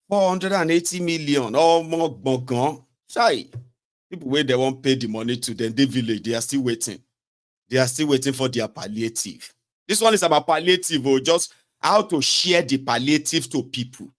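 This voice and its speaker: A Nigerian man giving casual, sarcastic political commentary in a rambling, animated way. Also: medium pitch.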